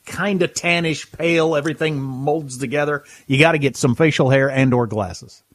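A man's voice: fairly high pitch, moderate pace, no room sound. A man co-hosting a talk radio show, chatting casually and joking at his own expense. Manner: joking, self-deprecating.

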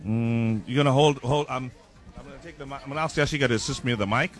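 A man's voice: medium pitch, fast, faint music behind. A man hosting a live breakfast radio show, joking and chatting while he tastes food. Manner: jokey, playful, talking while tasting food. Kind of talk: live outdoor radio broadcast chat.

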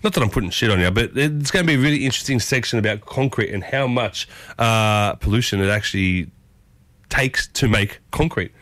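A man with an Australian accent hosting a morning radio show, chatty and upbeat, often jumping up in pitch. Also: expressive, fairly quick, a bit bright, dry recording. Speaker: radio host. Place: radio studio. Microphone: studio microphone.

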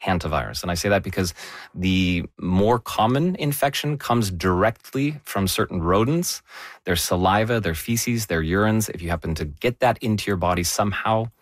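Man with a lower voice, animated news explainer, dry close sound. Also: normal speed, no echo. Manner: explanatory, animated, corrects himself mid-sentence. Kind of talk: conversational news discussion.

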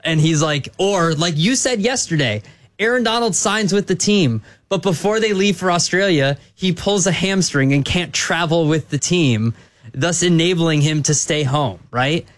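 Rambling sports radio man, fairly high. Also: moderate pace, no echo. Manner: rambling, hedging with restarts. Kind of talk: casual sports talk.

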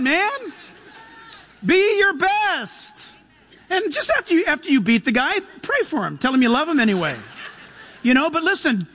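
A man preaching an animated sermon, acting out quoted voices and saying "listen" often. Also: very high voice. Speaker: pastor. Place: church.

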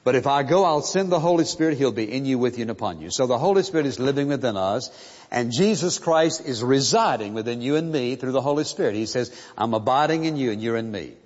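A man preaching a sermon, slow and emphatic, repeating key phrases for stress. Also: mid-range voice, animated, a little mellow. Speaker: pastor. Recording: muffled sound in a reverberant hall.

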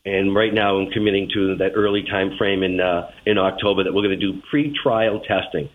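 A man with a Boston accent, a transit manager being interviewed on radio, speaking in a plain, measured way. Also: low-pitched, fairly even intonation. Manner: plain-spoken, measured, repeats words at starts. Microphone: phone. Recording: phone line.

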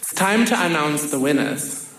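A woman's voice: low-pitched, expressive, normal speed, fairly bright tone. A woman from Africa, telling a personal story on stage with wry, dry humor. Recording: roomy hall with faint noise.

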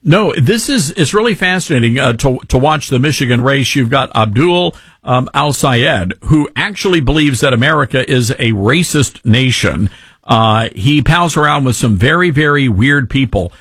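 A man hosting a talk radio show, wry and animated with sarcastic asides. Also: mid-range voice, moderate pace, husky, no room sound, studio quality. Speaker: radio host.

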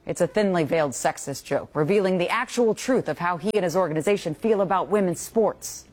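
A woman's voice: fairly low pitch, expressive, brisk, a little mellow. A woman news anchor reading a scripted, disapproving commentary segment. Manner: pointed, disapproving editorial delivery.

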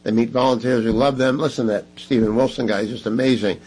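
A man hosting a talk radio show, making an emphatic, repetitive pitch to listeners. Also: a little fast, few pauses, slightly rough, low-quality recording.

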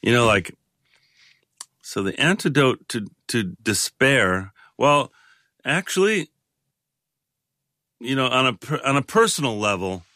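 Male guest in his 60s, reflective and halting, dry close sound, mid pitch. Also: pushed and bright, dry recording. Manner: halting and reflective, many restarts. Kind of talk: casual conversation.

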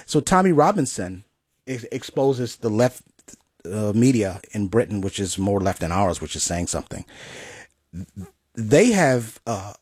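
A man's voice: fairly low pitch, big pitch swings, a little slow, darkish tone, slightly rough, dry recording, studio quality. A man in casual political chat, speaking in an indignant, emphatic way.

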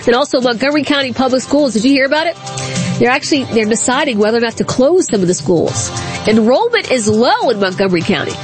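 A woman hosting a talk radio show, telling stories and giving opinions in an animated, casual way. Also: on the high side, quick pace, music in the background. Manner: animated storytelling, laughs often.

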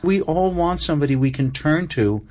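A man's voice: fairly high pitch, expressive, moderate pace, darkish tone. An older man, a writer guest, telling stories expansively in an interview and laughing at himself. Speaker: screenwriter guest. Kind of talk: animated interview storytelling. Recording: muffled broadcast audio.

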